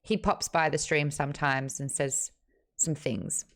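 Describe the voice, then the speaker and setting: An Australian woman in her thirties hosting a live-streamed book club chat, joking and talking fast. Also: deep voice. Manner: lively, fast-running, joking. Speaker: host.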